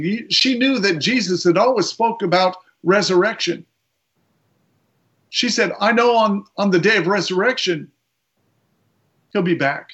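A man preaching a sermon, retelling a story and slowing down to stress key lines. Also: sits high, fairly bright tone, muffled recording. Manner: retells a story with quoted voices, slows for emphasis.

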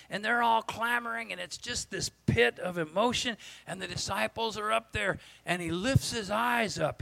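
A gravelly-voiced man in his sixties delivers a lively, joking sermon, his voice sitting a little high for a man. He slips into the voices of the people in his stories as he preaches. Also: poor audio. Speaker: pastor. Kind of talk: storytelling sermon.

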